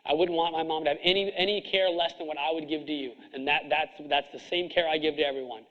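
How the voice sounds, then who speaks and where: Blunt, hard-driving man with a high voice. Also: fairly even intonation, muffled recording. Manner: blunt, hard-driving, preachy with rapid rhetorical questions. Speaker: chiropractor coaching other chiropractors. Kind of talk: seminar speech to an audience.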